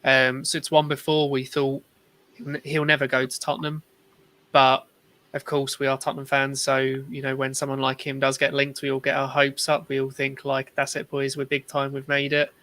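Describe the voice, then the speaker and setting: A man's voice: medium pitch, completely flat delivery, normal speed, pushed and bright, no room sound. A man speaking as a guest on a casual fan stream, blunt and resigned. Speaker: guest panelist. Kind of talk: casual live-stream chat.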